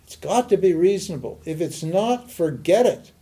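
With a high-pitched, warm, animated voice at normal speed, an older man from Montana, USA, delivers a forceful spiritual teaching talk, raising rhetorical questions and then supplying the answers.

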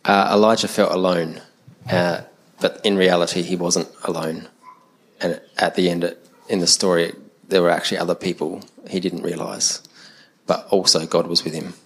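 Very deep, flat-voiced man. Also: moderate pace, slight background noise. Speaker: church group member.

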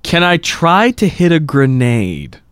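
A tipsy man playing a tabletop game, talking slowly with a lively, swinging pitch. His voice is smooth and clear. The sound is dry and close. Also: no echo. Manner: slow, tipsy, playful. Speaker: player. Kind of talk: casual tabletop game play.

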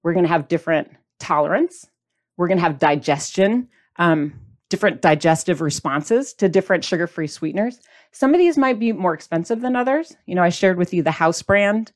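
A woman hosts a diet podcast, chatting casually with viewers, asking them questions and holding up products as she goes, playfully mimicking their reactions. Her voice sits on the low side and is expressive and brisk.

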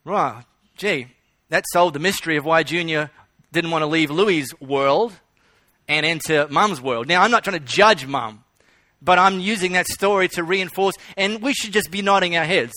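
Storytelling drives this sermon from a male pastor whose voice is high and bright, his pace moderate, as he emphatically repeats key phrases. There's no room echo; the recording is close and dry.

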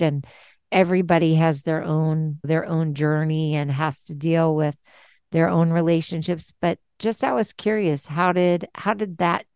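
A woman hosts a casual podcast interview, effusive and affirming toward her guest. Her voice is low and smooth, her pace unhurried, and the sound is close and dry. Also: no room sound. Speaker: podcast host.

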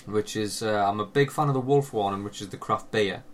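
Laid-back young man, low voice. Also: a little fast. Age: young adult. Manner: laid-back banter, swears, trails off with fillers. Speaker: podcast co-host. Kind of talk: casual chat.

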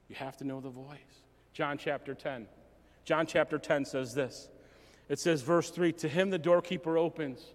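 Through the long reverb of a church hall comes a pastor's sermon, pitched rather high and full of emotion and animation. He keeps stumbling and restarting his sentences.

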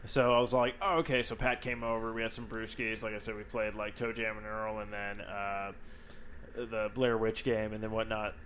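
A man's voice: on the low side, little pitch movement, normal speed, fairly bright tone, slight background noise. A man co-hosting a casual podcast chat, joking and rambling through stories with plenty of swearing. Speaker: podcast co-host.

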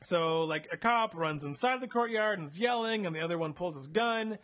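Young guy on a comedy podcast, kinda high voice, super chatty, lots of likes and ums. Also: lively intonation, moderate pace, fairly bright tone. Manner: chatty, full of "like" and "um" fillers, playful. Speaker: podcast host reading a choose-your-path book aloud. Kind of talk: casual comedic retelling of a story.

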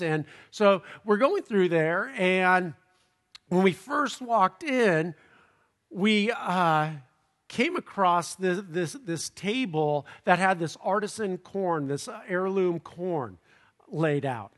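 A middle-aged man from Southern California, a pastor who preaches by telling a lively personal story and chuckles at his own jokes. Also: sits high, slow pace.

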